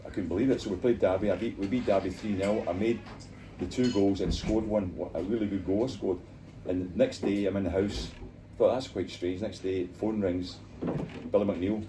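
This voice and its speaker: An older Scottish man, a former footballer, telling animated stories in an interview and acting out the voices of people he quotes. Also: deep voice, normal speed. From Scotland. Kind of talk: storytelling interview in a bar. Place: bar. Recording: distant mic, noisy bar.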